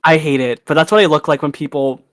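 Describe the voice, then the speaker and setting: A young man co-hosting a podcast in casual chat, animated, laughing and swearing freely. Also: fairly high pitch, fast, no echo. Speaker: podcast co-host.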